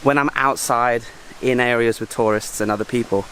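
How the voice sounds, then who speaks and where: Chatty excitable man vlogging outdoors. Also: mid-range voice, moderate pace, a little hiss or hum. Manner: chatty and excitable, joking asides. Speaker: travel vlogger. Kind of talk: casual travel vlog to camera. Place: outdoors on mountain roads and in a jungle park.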